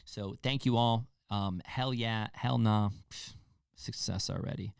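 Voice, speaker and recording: Rambling, low-voiced man hosting a podcast. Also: a little slow, vocal fry, clear, resonant tone, dry recording, clean studio sound. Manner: rambling and loose, heavy fillers, casual swearing. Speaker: podcast host. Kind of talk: casual solo podcast chat.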